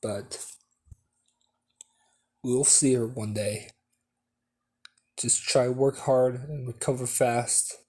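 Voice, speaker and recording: A man voicing a calm ninja husband who encourages his wife, in a fan story, with halting delivery. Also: medium pitch, breathy edge. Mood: encouraging.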